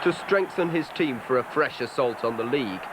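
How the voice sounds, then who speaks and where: A man giving measured, wry scripted narration for a documentary. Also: mid-range voice, expressive, noisy background.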